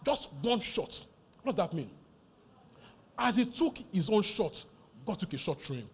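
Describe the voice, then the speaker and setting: A man preaching a sermon, animated and emphatic, repeating key phrases over and over. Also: high voice, measured pace. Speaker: pastor.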